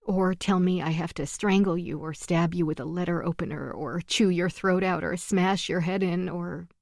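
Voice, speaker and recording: A woman's voice: fairly low pitch, steady tone, normal speed, no room sound, studio quality, close to an everyday voice. A woman reading the part of a desperate female radio host and mother, speaking in an intense, cutting way.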